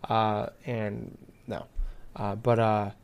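A man's voice: on the low side, flat delivery, slow pace, creaky, clear, resonant tone. Profane, ranting man in casual chat. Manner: profane, exasperated ranting with many fillers.

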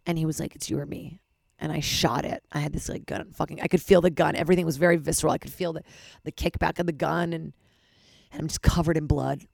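Hoarse woman podcast host, low and gravelly, frank and self-mocking, swears a lot. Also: fairly even intonation, fast, a little mellow, no room sound, clean studio sound. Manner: frank, rambling, swears freely, self-deprecating. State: hoarse from losing her voice. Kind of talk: candid solo podcast monologue.

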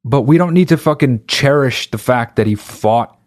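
A comedian doing a stand-up rant, talking in an exasperated, profane and rhetorical way. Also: male voice, medium pitch, moderate pace, darkish tone.

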